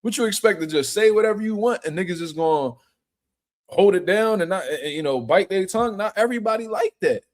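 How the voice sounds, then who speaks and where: A man's voice: high voice, animated, fairly quick. A man hosting a casual boxing talk stream, reading out chat and riffing in profane street slang with mocking impressions. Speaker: boxing show host.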